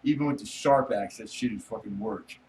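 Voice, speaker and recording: A man's voice: on the low side, fairly quick, far from the mic, background noise. Rambling joking man on a livestream. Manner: rambling, joking, laughs often, swears casually. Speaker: livestream host chatting with viewers. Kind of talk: casual late-night livestream chat.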